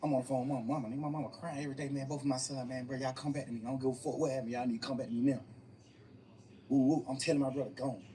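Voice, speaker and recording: A man's voice: mid-range voice, level tone, racing, mellow. A young man being interviewed, telling his story emphatically and profanely, often repeating phrases. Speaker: interview guest. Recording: distant mic with faint room noise.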